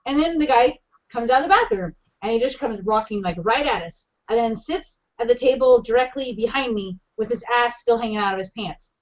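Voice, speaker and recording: A woman co-hosting a podcast, telling a crude story in casual chat with an animated, laughing delivery. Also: on the high side, fairly quick. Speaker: podcast co-host. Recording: dull lo-fi podcast audio.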